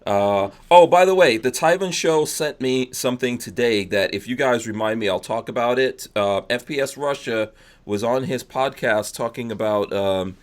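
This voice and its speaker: A man's voice: mid-range voice, moderate pace. A man hosting a podcast, originally from England, chatting casually and rambling with frequent laughs. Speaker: podcast host. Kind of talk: casual chat.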